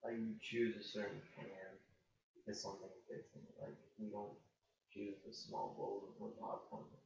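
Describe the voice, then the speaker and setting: A man reading aloud haltingly in a lesson, answering questions casually. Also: fairly low pitch, level tone, creaky. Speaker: reading student. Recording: distant, echoey, dull recording with background noise.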